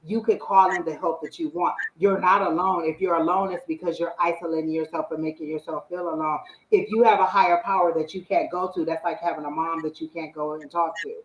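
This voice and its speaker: A woman hosting a live psychic reading stream and giving casual spiritual advice in an animated way, acting out her own inner voice. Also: low voice, brisk, hardly any pauses, reverberant, slight background noise, low-quality recording.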